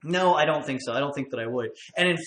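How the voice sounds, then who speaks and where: A man's voice: on the high side, fast talker, a bit bright, roomy sound. A man from Western Pennsylvania hosting a casual bar-talk webcast, upbeat and chatty, laughing often. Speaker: podcast host.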